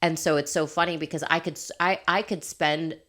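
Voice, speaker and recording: A woman with a notably low voice speaks as a life coach in a candid motivational monologue. She is emphatic and laughs often. She swears without a second thought. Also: steady tone, brisk, a bit bright.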